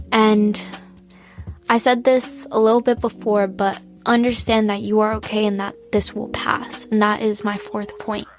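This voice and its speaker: A nineteen-year-old woman giving casual, earnest self-help advice, often saying "like" and sometimes dropping to a soft whisper. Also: medium pitch. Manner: earnest, heavy use of "like", drops into soft whispers.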